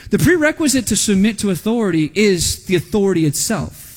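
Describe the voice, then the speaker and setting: A man's voice: sits high, very animated, brisk. A man preaching a sermon as pastor, emphatic, asking rhetorical questions and dropping into a stern voice for quotes. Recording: hall reverb.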